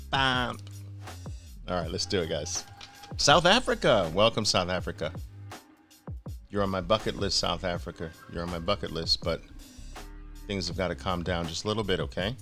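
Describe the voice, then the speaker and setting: A man hosting a live stream with a forceful, bright voice set a little low. He pumps up his audience with repeated rallying calls, then shifts into steady explanation. Faint music plays in the background. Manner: energetic, hyping up viewers with repeated calls; greets viewers by place names, then settles into explaining. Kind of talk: live online presentation.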